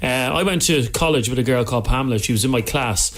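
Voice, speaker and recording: A man's voice: medium pitch, quick pace, a bit bright. An Irish man co-hosting a radio phone-in, bantering and telling cheeky stories at a studio mic. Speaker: radio co-host.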